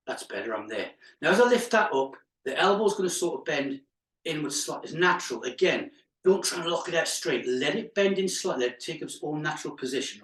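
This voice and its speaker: Male fitness instructor, fairly high voice, counting reps, chatty, echoey room, distant mic. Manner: counts reps aloud, chatty asides, laughs at own jokes. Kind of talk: live exercise class instruction.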